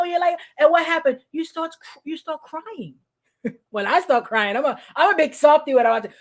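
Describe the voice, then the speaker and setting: In a high voice at normal speed, a middle-aged woman pastor delivers a casual sermon online, addressing congregants by name and voicing the people she quotes.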